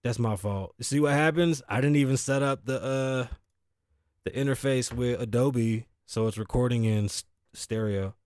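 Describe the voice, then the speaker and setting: With a mid-range, darkish voice at normal speed, a Bronx, New York man hosts his own show. He sounds tired and sleepy, rambling through a casual solo monologue that's profane and self-deprecating. The studio mic and audio interface give clean sound with no room sound.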